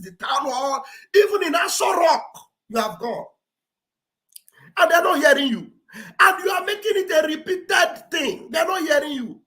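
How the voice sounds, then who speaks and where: A woman gives mocking, exclamatory commentary on a livestream. Her voice sits high and swoops all over. She repeats phrases for effect and acts out what others say. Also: a bit bright. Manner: acts out quoted speech with theatrical delivery.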